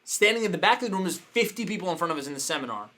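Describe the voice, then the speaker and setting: Brief: male coach, slightly raised pitch, animated anecdote teller with lively quoted voices. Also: rapid-fire. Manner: animated, acts out quotes with sudden pitch jumps. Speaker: business coach. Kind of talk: casual storytelling.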